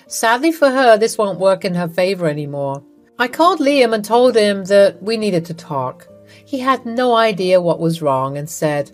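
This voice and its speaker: A woman narrating a first-person drama story in an even, matter-of-fact reading. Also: mid-range voice, unhurried, soft background music.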